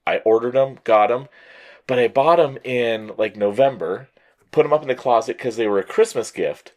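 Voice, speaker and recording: This man from Colorado co-hosts a toy show and speaks at a medium pitch and normal speed. In casual chat he tells an animated story in a stuffy, allergy-congested voice, acting out and mimicking other people's reactions.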